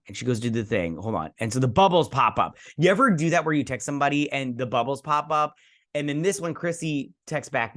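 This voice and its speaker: Male reviewer, mid-pitched, loose and jokey, recapping an episode in a rambling way. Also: a bit bright. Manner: rambling, jokey, loosely paraphrases dialogue with restarts. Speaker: host.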